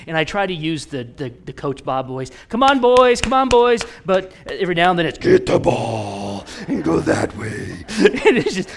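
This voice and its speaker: A man in his forties preaching in a conversational, animated way, telling stories with frequent restarts. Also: a little high. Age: 40s.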